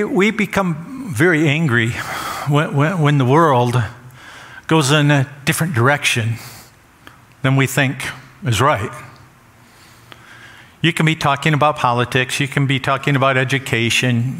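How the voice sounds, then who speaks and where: Emphatic pastor preaching in a hall. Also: male voice, medium pitch, measured pace, pauses often, a bit bright. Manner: emphatic, repeats phrases for stress. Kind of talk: sermon. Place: church sanctuary. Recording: long church hall reverb.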